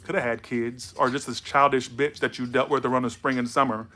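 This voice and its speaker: A man's voice: medium pitch, flat delivery, brisk, pushed and bright. A tipsy man doing a loose, rambling, playful tarot reading. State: tipsy from alcohol. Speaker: tarot reader.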